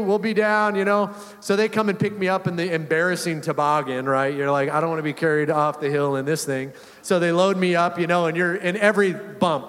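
A male pastor preaches with a loose, chatty storytelling manner and often chuckles mid-sentence. His voice sits a little higher than most men's. Each phrase rings out with a long reverb, as in a large church hall. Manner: conversational, animated, chuckling often. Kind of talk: storytelling sermon.

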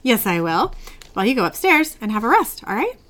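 A woman's voice: on the high side, big pitch swings, fairly quick, fairly bright tone. A woman voicing a folksy, doting old grandmother who fusses and chatters sweetly while recapping a show. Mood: fussing.

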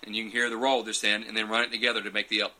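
A man's voice: fairly low pitch, little pitch movement, very fast, heavy background noise. A man hosting a casual live Q and A, chatting folksily and greeting viewers by name from his couch. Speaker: livestream host answering viewer questions. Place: small room, on a futon couch.

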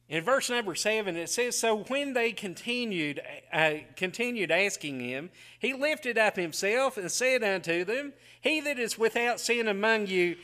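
A middle-aged man preaching a folksy sermon, telling homey stories with frequent chuckles and quiet asides. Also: on the high side.

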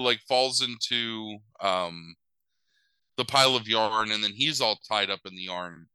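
A man's voice: fairly low pitch, a little slow, pushed and bright, clean tone, no room sound, low-quality recording. A young man casually recapping a movie plot, rambling with lots of fillers and wry asides.

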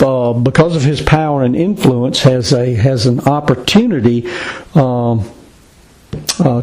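A man's voice: medium pitch, a little mellow, husky, low-quality recording. A man preaching a sermon, reading scripture aloud and explaining it with emphasis. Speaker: pastor.

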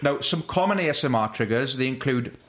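A man's voice: mid-range voice, lively intonation, fairly quick, fairly bright tone. A man hosting a casual comedy chat, explaining at length with restarts and frequent laughter.

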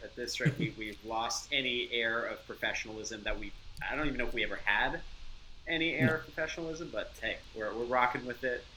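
A man's voice: mid-range voice, a little fast, pushed and bright, a little hiss or hum, poor audio. A Canadian man co-hosting a casual podcast chat, rambling and self-mocking. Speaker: podcast co-host.

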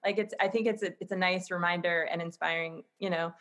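A woman's voice: on the low side, steady tone, a little fast, fairly bright tone. Woman host, gushy and rambly, lots of likes and you knows, casual interview chat. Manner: effusive, rambling, lots of fillers.

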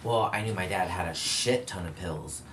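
A man's voice: low voice, moderate pace, fairly bright tone, a little hiss or hum. A man in a candid, casual conversation, telling a long personal story with frequent fillers and self-corrections. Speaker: guest telling his story.

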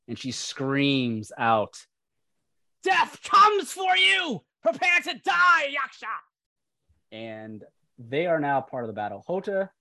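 A man's voice: medium pitch, no room sound. A man running a tabletop role-playing game as game master, narrating the action and explaining the rules. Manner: explains rules aloud while reading.

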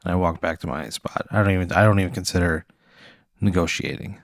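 A man playing along with a comic hypothetical, answering in low-key, deadpan, profane replies. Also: quick pace, dry recording, clean studio sound. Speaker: podcast co-host answering a hypothetical. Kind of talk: casual comedic chat.

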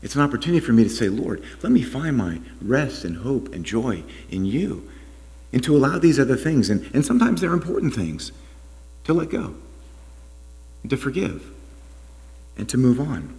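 A man preaching a sermon as pastor, with animated delivery, rhetorical questions and quiet asides. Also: medium pitch, moderate pace, vocal fry, pauses often. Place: church sanctuary. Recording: long reverb of a church hall.

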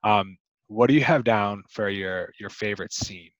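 A man with a fairly low voice talks casually about films as a podcast co-host, rambling along with lots of fillers. The sound is dry and close, a little dull and muffled. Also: normal speed, no echo. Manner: rambling, chatty with many fillers. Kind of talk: casual movie discussion.

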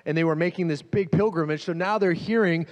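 Animated pastor preaching in a hall. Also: male voice, fairly high pitch, a little fast, muffled recording. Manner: animated storytelling, acting out quoted voices. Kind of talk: sermon.

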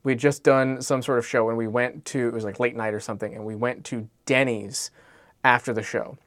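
A man's voice: mid-range voice, fairly even intonation, a little fast, fairly bright tone, no echo, studio quality. A man co-hosting a podcast, telling a long story in a casual, rambling way and often correcting himself. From Alaska.

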